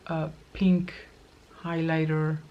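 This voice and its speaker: A woman's voice: sits low, flat delivery, takes it slowly, lo-fi sound. A middle-aged woman chatting casually through a get-ready-with-me makeup routine, thinking aloud as she applies each product. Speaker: makeup vlogger.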